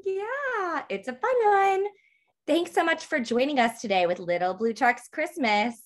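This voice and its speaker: A woman's voice: high voice, a little slow. Sing-song woman reading to toddlers. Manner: animated, sing-song, frequent excited gasps; asks the children questions throughout. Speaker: toddler book club reader. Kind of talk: picture-book read-aloud for toddlers.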